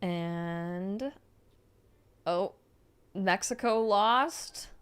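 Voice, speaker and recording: A woman streamer reads viewer messages aloud live, answering with excitable, gushing praise and casual swearing. Her medium-pitched voice is smooth and very slow.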